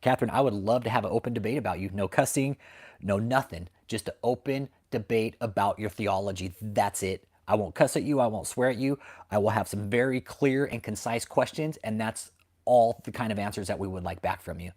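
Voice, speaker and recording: A brisk, lowish, darkish male voice belongs to an American host of a channel that exposes cult leaders. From his home, with dogs barking nearby, he delivers angry, profane commentary, confrontational in tone and repetitive in its points.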